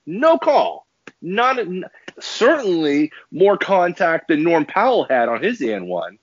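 A man's voice: a little high, measured pace, breathy edge, no echo. Male podcast co-host, heated ranter, trips over restarts; dull, dry lo-fi sound. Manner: ranting, animated, stumbling restarts. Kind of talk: heated casual sports talk.

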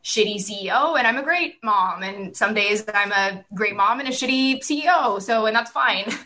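A woman's voice: medium pitch, normal speed, pushed and bright, rough recording. A woman in her thirties, a guest on a podcast, chatting candidly, laughing often and swearing freely. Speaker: guest author. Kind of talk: casual interview chat.

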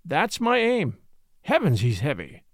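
A man's voice: fairly high pitch, huge pitch swings, measured pace, no echo, clean studio sound, full character voice. A man reading an audiobook, voicing a gallant young male attorney who pants and jokes dryly. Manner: panting, dryly humorous.

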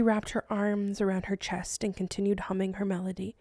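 A woman reads her own novel aloud in steady, measured audiobook narration. Her voice is mellow and warm, and the recording is dry and close with no room sound. Her pitch sits at an everyday middle height. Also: no echo. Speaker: author and podcast host.

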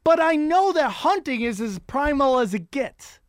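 A man's voice: extremely high pitch, very animated, a little slow, dry recording, studio quality. A man telling rambling, profane stand-up stories on a podcast, with frequent restarts. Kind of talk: casual profane storytelling.

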